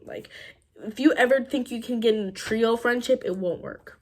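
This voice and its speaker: A teenage girl telling a personal storytime in a chatty, animated way, full of "like" and quick laughs. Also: a little high. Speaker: vlogger. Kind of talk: storytime vlog.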